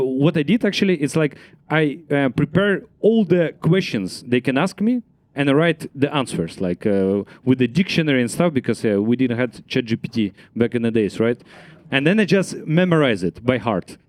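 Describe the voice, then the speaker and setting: Animated man telling stories with frequent laughter. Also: mid-range voice, moderate pace, hardly any pauses, dry recording. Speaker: comedian. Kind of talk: casual panel chat on stage.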